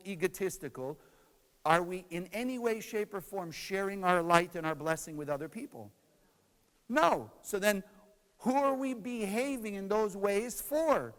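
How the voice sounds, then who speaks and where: A man's voice: sits high, fairly bright tone, in a large hall, low-quality recording. A man teaching a spiritual lesson to a class, asking questions and answering them himself. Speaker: Kabbalah teacher.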